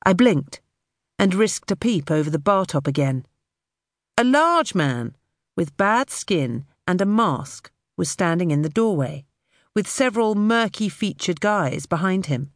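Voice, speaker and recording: A woman narrating an audiobook in the first person with expressive storytelling. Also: lowish voice, a little slow, no room sound, clean studio sound.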